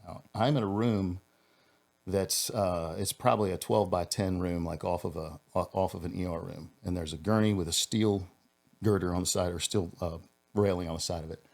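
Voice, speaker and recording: With a very low, deep voice marked by vocal fry, this former police officer shares a personal story on a podcast. He speaks earnestly in fairly even tones, stumbling and restarting his phrases, and in the heavy moments he drops lower and quieter.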